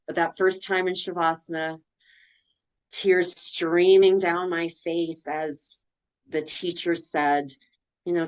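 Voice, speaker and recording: A woman's voice: on the low side, little pitch movement, slow pace, low-quality recording. A woman guest on a podcast telling her personal story in a candid, emotional way, blunt and swearing now and then.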